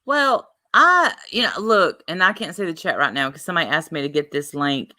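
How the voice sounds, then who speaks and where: In a low voice and at a fairly quick clip, a woman runs a livestream, chatting casually and wandering off into lots of lively asides.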